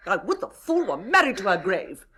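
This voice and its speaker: A woman's voice: medium pitch, big pitch swings, normal speed, bright, forceful tone. An actress playing a cold, dismissive noble mother in a 1970s radio drama, curt and disdainful.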